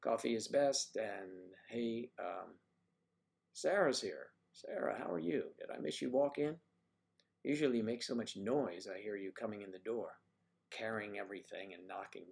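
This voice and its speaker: This livestream host chats away, calling viewers by name and teasing them as he reads their comments. His voice sits on the low side, moves at a normal speed, and sounds creaky yet slightly mellow.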